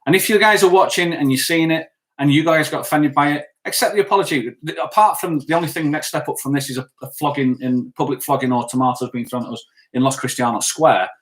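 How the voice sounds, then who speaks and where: Fast-talking man chatting on a live stream. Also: fairly high pitch, fairly bright tone. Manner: blunt, rambling, reads and answers viewer comments. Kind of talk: casual live-stream chat.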